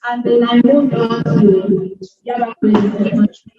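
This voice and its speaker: A woman's voice: on the high side, fairly even intonation, normal speed, faint music behind. Young woman giving a talk on a call, far from the mic, echoey and muffled. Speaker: guest speaker, computer science student. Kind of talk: online talk. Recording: echoey distant lo-fi call audio.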